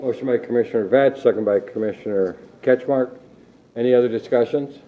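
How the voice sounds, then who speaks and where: A man chairing a county board meeting, brisk and folksy, calling votes. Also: mid-range voice. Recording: tinny phone-like audio.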